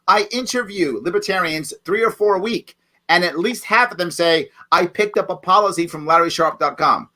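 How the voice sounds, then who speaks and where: A man with a high-pitched, bright voice. He talks bluntly and combatively as a candidate, punching his points home, heard over a video call. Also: moderate pace. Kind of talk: lively campaign talk.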